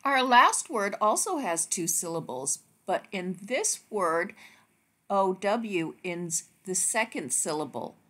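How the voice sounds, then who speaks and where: A woman narrating a phonics lesson for teachers, speaking slowly and carefully as she walks through each word. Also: mid-range voice, animated, pushed and bright. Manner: slow, careful, deliberate word-by-word delivery.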